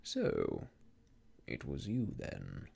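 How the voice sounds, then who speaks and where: A man voicing a smooth, menacing country squire in a whispered role-play, coaxing and then threatening. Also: extremely low pitch, huge pitch swings, very slow, warm tone, slight background noise, pitched below the performer's own voice, exaggerated voice.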